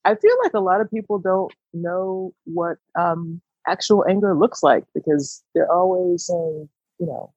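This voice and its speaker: Woman, casual chat, thoughtful, laughs often, dry close sound, gravelly. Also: fairly low pitch, a little slow, hardly any pauses, a little mellow, no room sound, dull audio.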